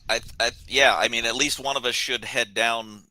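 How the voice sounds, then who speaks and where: A man's voice: mid-range voice, fairly even intonation, moderate pace, bright, forceful tone, low-quality recording. A man playing a tabletop game, planning hesitantly and politely with the group. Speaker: player. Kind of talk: casual tabletop play.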